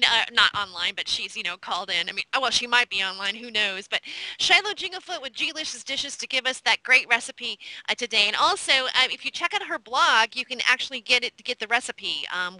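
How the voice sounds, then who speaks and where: A woman's voice: fairly high pitch, pushed and bright, no echo. A woman hosting a show in a chatty way, correcting herself with hesitant fillers. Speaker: show host.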